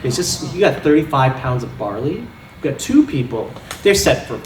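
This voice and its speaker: A man preaching a sermon in a church, animated and often laughing as he makes his points with props and playful sound effects. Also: medium pitch, moderate pace, roomy sound, distant mic, noisy background. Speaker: pastor. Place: church sanctuary.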